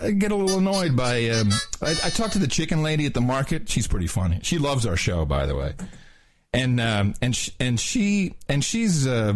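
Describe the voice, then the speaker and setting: A man hosting a podcast, ranting with fiery, profane and sarcastic commentary mixed with casual chat. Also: mid-range voice. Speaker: podcast host.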